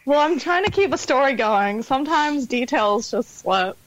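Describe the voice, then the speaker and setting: A woman's voice: high-pitched, lively intonation, moderate pace, no echo, highs cut off. A woman author being interviewed on a podcast, chatting casually and laughing at herself. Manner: chatty, self-deprecating, laughs often. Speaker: author guest.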